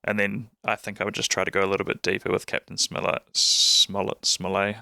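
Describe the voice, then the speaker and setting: A man's voice: on the low side, monotone, fast, vocal fry, sharp tone, dry recording. A man with a New Zealand accent hosting a podcast, chatting in a rambling, enthusiastic way with plenty of fillers. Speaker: podcast host. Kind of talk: casual chat.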